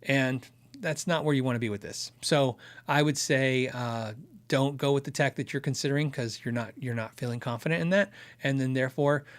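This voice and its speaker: In a medium-pitched voice at a fairly quick pace, a guitar tech channel host responds to live-stream chat questions. He is earnest and thinks out loud, frequently starting sentences over.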